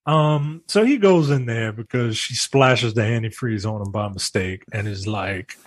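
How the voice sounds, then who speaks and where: A man co-hosting a casual film review podcast, animated and laughing, swearing often. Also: on the low side, measured pace. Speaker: podcast co-host.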